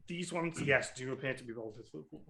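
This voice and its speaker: A man's voice: medium pitch, quick pace, creaky, very noisy. A man narrating as game master in a casual way, with frequent ums and likes.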